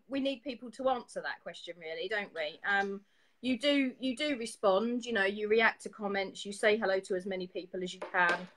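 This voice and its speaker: A woman's voice: medium pitch, a little fast, a bit bright, low-quality recording. A woman co-hosting a live poetry stream, chatting in an easygoing way and often hedging with small fillers. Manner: easygoing, teasing, hedges with "you know" and "really". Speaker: co-host of a live poetry show. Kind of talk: casual live-stream chat.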